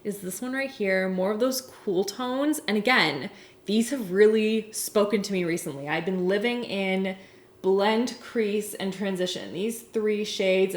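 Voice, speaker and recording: Woman, 30s, beauty vlogger, casual and upbeat, quick laughs, roomy home sound. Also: mid-range voice. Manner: chatty, enthusiastic, laughs often. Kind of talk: casual product review.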